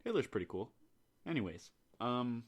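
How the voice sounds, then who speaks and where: Animated easygoing podcast co-host man. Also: medium pitch, normal speed. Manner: easygoing, laughing banter. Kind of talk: casual comedic chat.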